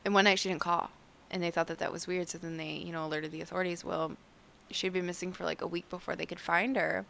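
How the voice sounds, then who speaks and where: A woman's voice: fairly low pitch, flat delivery, fast talker, vocal fry, fairly bright tone, a little hiss or hum. Giggly young woman telling a story. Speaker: podcast co-host. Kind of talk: casual chat, storytelling.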